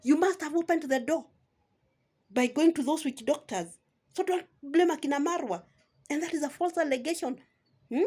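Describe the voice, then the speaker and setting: A woman's voice: sits high, moderate pace, long pauses, darkish tone. A woman vlogger with a Kenyan accent ranting at her rivals in a scolding, sarcastic tone. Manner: scolding, sarcastic, keeps asking "eh?". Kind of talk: ranting commentary.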